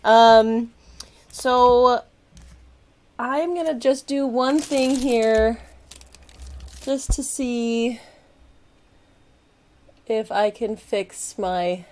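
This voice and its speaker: A woman hosting a live crafting stream, chatting bubbly and warmly with viewers and greeting them by name. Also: fairly high pitch, drawn-out words, long pauses. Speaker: craft channel host. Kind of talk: casual live-stream chat.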